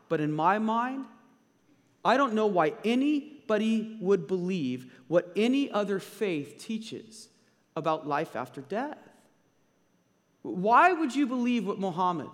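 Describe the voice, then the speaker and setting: A male pastor preaching a sermon, emphatic and slowing down to stress key points. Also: sits high, in a large hall.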